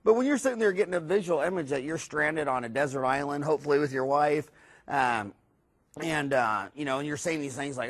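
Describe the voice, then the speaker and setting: A man, a dentist, giving a recorded lecture in a rambling, animated storytelling way, with many fillers and restarts. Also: on the high side, a little fast. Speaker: dentist teaching a course.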